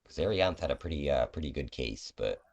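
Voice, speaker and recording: A man's voice: a bass voice, animated, fairly quick, muffled recording. A man narrating as game master of a tabletop game, loose and full of fillers.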